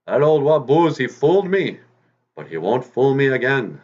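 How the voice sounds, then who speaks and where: A man voicing a boastful, easily angered male fox hunter in a told folk tale, speaking in a loud, proud, huffy way. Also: mid-range voice, sing-song, normal speed, dull audio, pitched above the performer's own voice.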